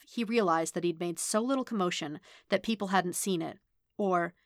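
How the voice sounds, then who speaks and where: A woman reading fan fiction aloud as a podfic narrator, measured and even. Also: lowish voice, dry recording, studio quality. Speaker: podfic reader. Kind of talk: audiobook-style fiction reading.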